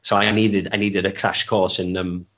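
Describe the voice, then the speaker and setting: Male guest, low-pitched, loose self-deprecating storyteller with stumbling restarts; muffled recording. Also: level tone, normal speed, a bit bright, slight background noise. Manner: rambling, self-deprecating, stammers and restarts often. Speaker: interview guest. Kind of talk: casual storytelling interview. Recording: dull lo-fi recording.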